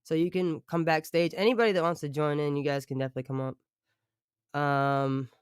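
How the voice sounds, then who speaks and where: Livestream host, casual and rambling; smooth voice, close and dry. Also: medium pitch, fairly even intonation, a little fast, dry recording. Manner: rambling, chatty, keeps thanking viewers. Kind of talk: casual livestream chat with viewers.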